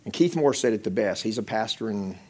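A man's voice: lowish voice, lively intonation, brisk, a little mellow, breathy edge. A middle-aged man preaching a testimony sermon, telling stories in a conversational way and repeating phrases.

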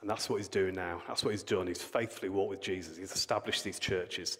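A man's voice: deep voice, steady tone, a little fast, a bit bright. A man giving a sermon, retelling a Bible story in a plain conversational way, then praying and reading scripture aloud. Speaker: preacher. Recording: long reverb of a hall.

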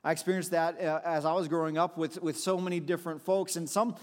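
A man's voice: a little high, little pitch movement, fast, long reverb tail. A man preaching a sermon, telling personal stories in a reflective way with frequent restarts. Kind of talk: sermon with storytelling.

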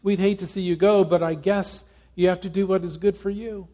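A man's voice: sits high, fairly even intonation, a little fast, mellow, natural voice. A man voicing a personified nose, a concerned church leader, in a read-aloud parable. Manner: concerned, questioning.

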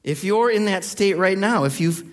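High-voiced preacher in a reverberant hall. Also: male voice, animated, moderate pace. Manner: conversational storytelling with many fillers. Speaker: pastor. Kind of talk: sermon.

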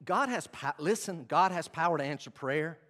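A middle-aged male pastor preaching a sermon, swinging between loud emphatic bursts and quiet, low stretches. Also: expressive, normal speed.

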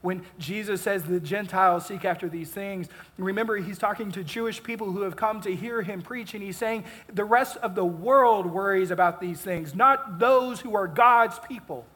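A pastor delivering a sermon, measured and emphatic, building intensity and then easing off. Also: male voice, sits high, pushed and bright. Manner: measured, emphatic preaching with rising and falling intensity.

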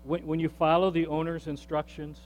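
A man with a notably high voice preaches a sermon to his congregation. He is animated, slips into acted-out voices of the people in his stories, and keeps checking in with the room. The sound rings in a long hall reverb, with a low electrical hum underneath. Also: a little fast. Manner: animated, acts out quoted voices, asks the congregation questions. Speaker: pastor.

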